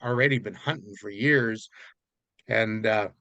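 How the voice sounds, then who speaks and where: A man's voice: on the low side, a little slow, dry recording. A man from Vancouver Island, Canada, telling a story in a casual, rambling way as an interview guest. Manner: rambling, relaxed, many fillers.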